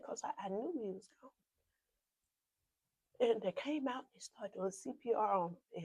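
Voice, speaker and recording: A woman pastor with a South Carolina accent gives a personal testimony as a podcast guest. She tells the story emotionally, acts out the dialogue, and often drops to a hushed whisper. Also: a little high, lively intonation, moderate pace, pauses often, slightly rough, no echo. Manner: repeats and re-enacts dialogue with quoted speech.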